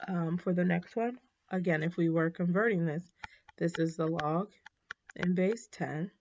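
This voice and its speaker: A woman's voice: lowish voice, measured pace, a little mellow, a little hiss or hum. Casual woman teaching math, lo-fi audio. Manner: casual, many ums, apologizes for slips. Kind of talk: recorded classroom lesson. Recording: dull, slightly lo-fi.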